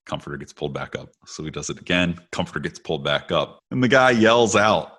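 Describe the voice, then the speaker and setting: A man with a low voice tells a story on a podcast he co-hosts. His delivery is lively, with wide swings in pitch, and his tone is bright and forward. He slips in little impressions of the people in his story. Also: fairly quick, breathy edge. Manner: animated storyteller, acts out quoted voices with laughs. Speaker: podcast co-host. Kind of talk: casual storytelling chat.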